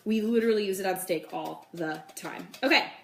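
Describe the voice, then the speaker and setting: A woman's voice: medium pitch, a little fast, creaky. Chatty woman cooking in an echoey kitchen. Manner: chatty, lots of "like" and "okay". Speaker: cooking show host. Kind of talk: casual cooking demo, chatting with viewers. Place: home kitchen. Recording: echoey kitchen with faint noise.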